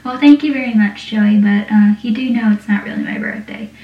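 A woman's voice: fairly high pitch, a little fast, distant mic, natural voice. Wry teasing teen girl, woman reading her lines, echoey room, dull sound.

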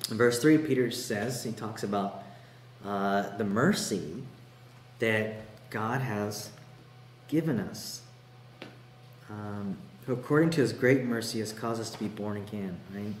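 A man's voice: fairly low pitch, unhurried, pauses often, echoey room, a little hiss or hum. A man preaching a sermon, earnest and conversational, walking through a passage verse by verse and repeating key lines for emphasis. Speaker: pastor.

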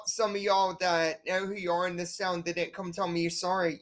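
A woman's voice: lowish voice, flat delivery, normal speed, few pauses. A young woman, hosting her own show, delivering a bitter, profane and repetitive rant to her viewers. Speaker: host of a home-made show.

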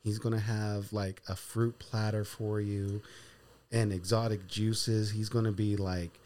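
A man's voice: lowish voice, a little slow, a little hiss or hum. A man hosting a podcast, steering segments in playful casual chat. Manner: runs the segments, lively and playful. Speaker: podcast host.

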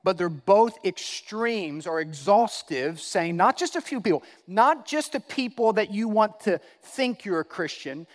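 High-voiced male pastor preaching in a hall. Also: lively intonation, measured pace. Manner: emphatic, repeats key phrases, swings from loud to hushed. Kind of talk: sermon.

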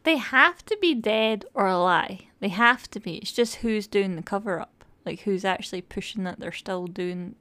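A woman chats through a show review with eager, firm opinions. Her pitch sits in a middle range. The recording is dry and close. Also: normal speed, few pauses, a bit bright, no echo. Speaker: podcast co-host. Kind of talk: casual review chat.

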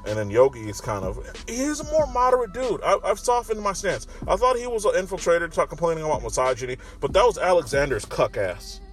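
A man's voice: fairly high pitch, big pitch swings, fast, hardly any pauses, soft background music. Profane rambling man talking in a parked car. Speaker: commentary vlogger. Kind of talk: casual monologue. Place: parking garage with construction nearby.

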